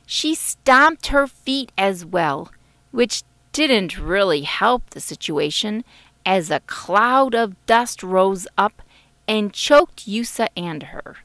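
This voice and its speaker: A woman, the author, narrating her children's storybook in a gentle, expressive way. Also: mid-range voice, takes it slowly, dry recording. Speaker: author reading her book. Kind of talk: audiobook narration.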